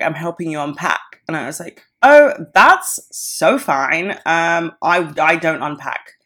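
A young woman in her twenties with a low-pitched voice tells a story on her podcast. She talks casually, swears freely and acts out what everyone said. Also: a bit bright. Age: 20s. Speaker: podcast host.

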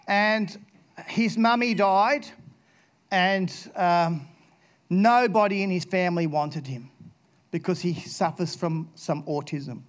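A man telling a story to a room of children, animated and expressive, lifting into playful voices and dropping low and quiet for serious points. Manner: animated, acts out characters in high voices. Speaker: speaker addressing schoolchildren. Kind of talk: storytelling talk to an audience.

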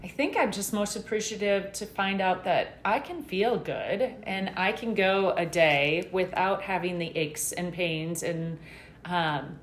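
A woman's voice: on the low side, a little hiss or hum. Candid middle-aged woman, echoey room. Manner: earnest, candid, rambling with fillers. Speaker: guest. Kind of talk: casual interview talk.

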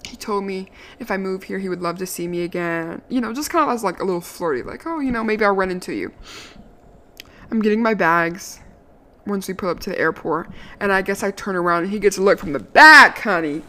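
A young woman from the D.C. area spins a casual vlog story at mid pitch. She is chatty and animated, with plenty of "like" fillers and the occasional curse. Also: brisk. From Washington, D.C. area. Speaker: vlogger.

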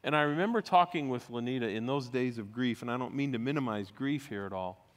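A middle-aged man speaking as a pastor in a sermon, telling a personal story in a reflective, measured way. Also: mid-range voice, in a large hall.

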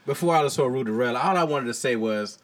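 A man's voice: mid-range voice, a little fast, slight background noise. A man hosting a podcast, wrapping up a casual, profane chat with friends and laughing often. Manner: laughing, loose, profane banter. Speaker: podcast host.

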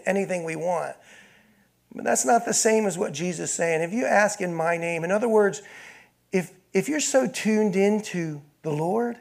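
A man's voice: on the high side, gravelly, darkish tone. A male pastor preaching a sermon, reading scripture aloud and building in intensity as he addresses the congregation.

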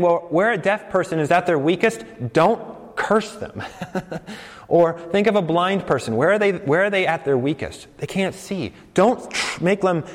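A man preaching in a relaxed, conversational way, his slightly higher voice ringing with a long reverb. He gets animated as he makes his points and acts out what people say. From United States. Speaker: pastor. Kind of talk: sermon.

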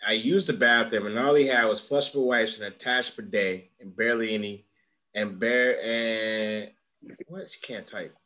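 A man hosts a laid-back podcast in a fairly low voice. He keeps things moving, reads questions aloud and reacts with easy agreement. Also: normal speed. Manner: relaxed, steers the segments and reads out questions. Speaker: podcast host. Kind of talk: casual chat.

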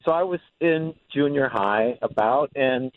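A man's voice: mid-range voice, unhurried, no room sound. A man calls in and tells his own story in a matter-of-fact way. His voice is thin and tinny from the phone line, and dry. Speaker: caller.

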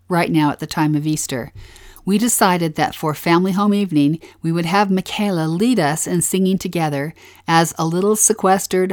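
A woman's voice: on the low side, dry recording, studio quality. A woman co-hosting a devotional podcast, talking in an earnest, heartfelt way. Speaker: co-host.

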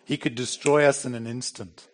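A man's voice: mid-range voice, fairly even intonation, moderate pace. A middle-aged man preaching a sermon in a plain, conversational way, with bursts of emphasis. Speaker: pastor.

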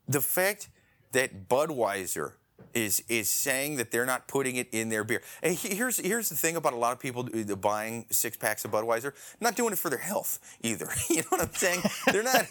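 Man, podcast co-host, mid-pitch voice, sweary and ranting, animated delivery. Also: moderate pace. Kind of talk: casual chat.

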